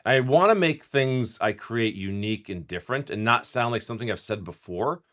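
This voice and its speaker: Here the card-breaking host speaks at a normal speed in a medium-pitched, fairly bright voice with lively intonation. Cracking trading card packs on his livestream, he chats loosely and swears, rambling and frequently starting over.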